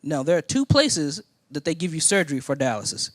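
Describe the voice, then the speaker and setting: A man's voice: a little high, fairly quick, no echo, clean studio sound. A man from Indiana preaching a sermon as a personal story, acting out the other people in it. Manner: animated storytelling, acting out quoted voices. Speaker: pastor.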